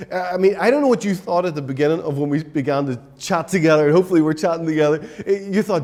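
A man delivers a sermon as pastor. His voice sits a little higher than most men's. He preaches emphatically, repeating his points and asking the listeners rhetorical questions. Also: expressive, fast talker, hardly any pauses, a little mellow.

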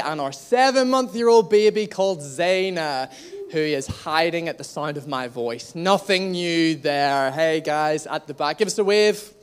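A young man from Northern Ireland, with a slightly anglicized Northern Irish accent, preaches a sermon to a church congregation, joking with them in a lively way. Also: high voice. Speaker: pastor. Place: church hall.

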